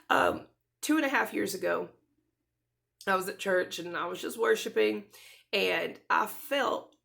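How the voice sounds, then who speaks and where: A woman in her thirties talks straight to her camera, rambling and restarting her sentences as she tries not to cry. Her voice sits at a middle pitch and has a creaky, gravelly edge. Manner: earnest, rambling, with many restarts and soft laughs. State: close to tears. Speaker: vlogger. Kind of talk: casual talk to camera.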